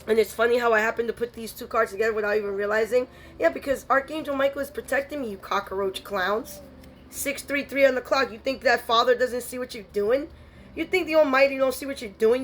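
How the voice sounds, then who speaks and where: A woman's voice: a little high, fairly quick. A woman giving a spiritual tarot reading, blunt and scolding, full of streetwise slang. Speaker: tarot reader.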